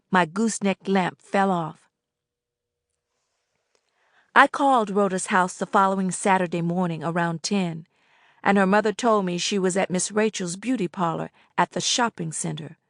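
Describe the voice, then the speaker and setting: A woman narrates a first-person audiobook in a measured, subdued way. Her mid-pitched voice has a gravelly texture. The recording is close and dry. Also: dry recording.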